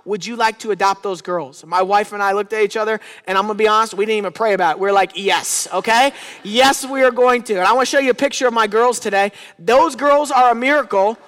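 High-voiced man preaching in a hall. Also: fairly bright tone. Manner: preaching with rising fervor, calls to the congregation. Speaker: pastor. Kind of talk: sermon.

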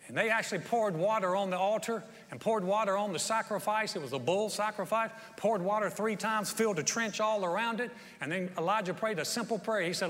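A man's voice: high voice, brisk, fairly bright tone, some chatter behind. A man preaching a sermon, telling a Bible story in a folksy way and acting out the quotes with rising energy. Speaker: pastor. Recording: long hall reverb.

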